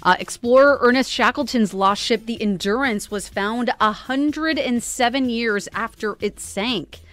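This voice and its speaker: A woman's voice: fairly high pitch, unhurried, fairly bright tone, no echo. A woman from Canada co-hosting a morning radio show, chatty as she walks through news items in a studio. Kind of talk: casual radio banter.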